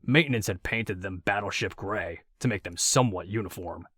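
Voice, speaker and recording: A man reading an audiobook story in a steady, measured narration. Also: lowish voice, slightly rough, no echo, clean studio sound.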